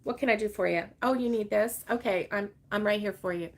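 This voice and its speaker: A woman voicing her eager, nosy, friendly female dog, firing off quick helpful questions. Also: medium pitch, lightly acted.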